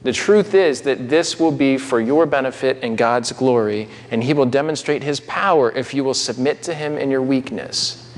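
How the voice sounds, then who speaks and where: In a church sanctuary with long hall reverb, a man preaches conversationally, adding asides to the congregation. His voice is medium-pitched at normal speed.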